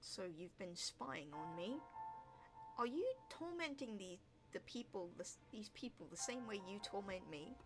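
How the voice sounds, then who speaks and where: A woman voicing a brooding young shark boy who talks low and guarded. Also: expressive, a little slow, music in the background. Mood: wary.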